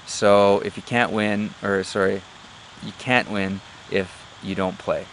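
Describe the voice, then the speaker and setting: A man giving a motivational talk, halting and full of fillers, who tells a joke to make his point. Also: on the low side, level tone, a bit bright, a little hiss or hum. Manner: tells stories and jokes. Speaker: motivational speaker.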